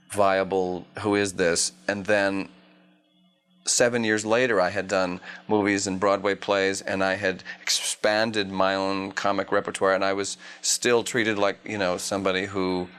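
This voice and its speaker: Wry low-voiced man in his thirties. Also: fairly bright tone, clear, resonant tone. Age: 30s. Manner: wry, rambling, stumbles and restarts. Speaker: actor interviewed at a press junket. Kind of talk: casual interview answers.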